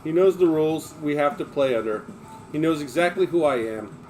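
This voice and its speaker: A man's voice: on the high side, animated, a little fast, darkish tone, slight background noise. A man reading a memoir aloud on a livestream, in an emphatic, blunt manner with plenty of swearing.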